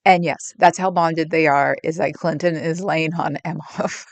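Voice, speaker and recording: A woman's voice: deep voice, fairly even intonation, a little slow, dry recording. A woman hosting a livestream, chatting casually and rambling with viewers, getting emotional about her pets. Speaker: livestream host.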